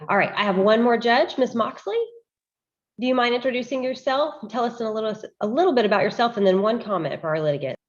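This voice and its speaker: A woman, a judge moderating a mock trial panel, speaking in a brisk and polite way. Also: fairly high pitch, expressive, dull audio.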